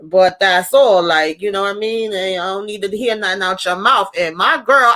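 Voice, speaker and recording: A woman's voice: mid-range voice, fairly quick, few pauses, pushed and bright. A woman co-hosting a casual movie discussion, retelling scenes and acting out the lines with laughs. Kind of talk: casual movie recap chat.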